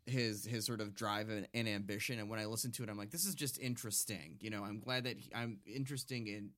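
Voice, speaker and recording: A man's voice: mid-range voice, a bit bright. A young man co-hosting a podcast, talking reflectively and hesitantly with many fillers. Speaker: podcast co-host. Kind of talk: casual podcast chat.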